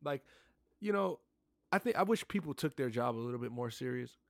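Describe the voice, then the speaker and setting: A man's voice: mid-range voice, expressive, a little fast, dry recording, clean studio sound. A man co-hosting a sports podcast, chatting casually and animatedly, joking and repeating himself. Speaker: podcast co-host.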